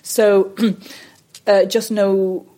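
A woman's voice: medium pitch, level tone, drawn-out words, dark tone. A woman in her thirties, a voice and accent coach, talking in a chatty, rambling way with frequent restarts in a podcast interview. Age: 30s.

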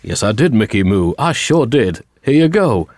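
A man voicing a bumbling husband who gives daft excuses in a slow, deadpan, self-justifying way. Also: medium pitch, dry recording, studio quality. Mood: defensive.

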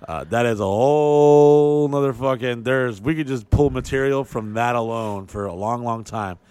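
A man's voice: mid-range voice, normal speed, clean tone, dry recording. A man hosting a podcast, telling crude stories in casual chat with lots of profanity. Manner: profane storyteller, animated impressions. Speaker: podcast host.

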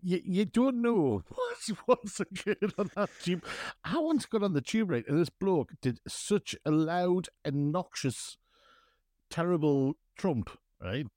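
A man co-hosting a casual podcast, his pitch running a little high and leaping about animatedly as he spins teasing, comic stories. The sound is dry and close to the mic. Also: sing-song, slow pace, mellow, dry recording. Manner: playful storyteller, teasing, dips into jokey voices. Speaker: podcast co-host. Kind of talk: casual banter.

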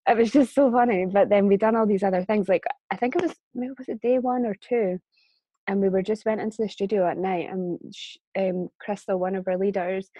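A woman's voice: medium pitch, dark tone, no echo. A woman telling a personal story as a guest in a casual conversation, chatty and laughing often. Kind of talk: casual chat.

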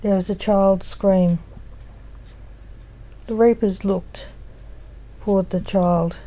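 A woman reading a fan story aloud in a steady, even storytelling manner. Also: medium pitch, very slow, low-quality recording. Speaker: story reader.

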